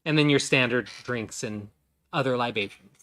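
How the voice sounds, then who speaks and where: A man narrates a tabletop role-playing scene as game master, lingering on details and filling pauses with ums. His voice is bright and forward, at an ordinary pitch for a man. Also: a little hiss or hum. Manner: descriptive, hesitant with many ums.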